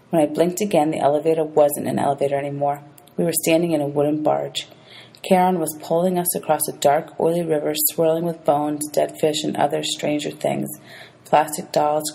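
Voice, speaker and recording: A woman's voice: sits low, vocal fry, warm tone, slightly rough, rough recording. A woman teacher reading a novel aloud to her students, announcing page numbers as she goes.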